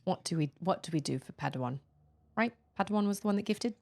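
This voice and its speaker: Fast and gravelly, with a fairly low pitch, this young woman's voice carries a chatty gameplay stream. She's animated, laughs a lot, and keeps breaking into silly voices.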